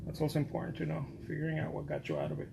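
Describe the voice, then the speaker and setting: Gravelly man rambling while he paints. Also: fairly high pitch, level tone, rapid-fire, background noise. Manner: rambling and joking, repeats words, laughs often. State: scratchy throat. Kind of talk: casual chat while painting on camera.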